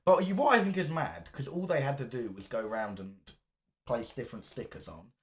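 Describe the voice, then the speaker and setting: A man's voice: medium pitch, a little fast, a little hiss or hum. A man co-hosting a podcast, telling jokey stories in casual banter. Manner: jokey, animated storytelling with laughs. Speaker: podcast co-host.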